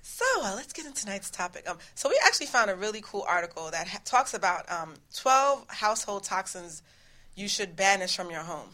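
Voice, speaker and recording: A woman's voice: mid-range voice, expressive, fairly quick, sharp tone. Playful New York woman hosting a radio show. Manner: playful, teasing, laughs often. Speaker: radio show host and coach. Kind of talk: casual radio talk show chat.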